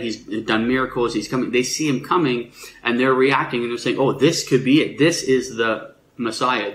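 A man giving a sermon in a relaxed, explanatory way, with frequent fillers and restarts. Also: medium pitch, echoey room, a little hiss or hum, low-quality recording. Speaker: preacher.

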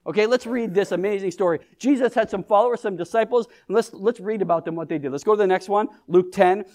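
A man's voice: high-pitched, fast, a little mellow. A man preaching a conversational sermon as pastor, often asking the congregation questions and joking with them. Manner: engages the congregation with questions and humor.

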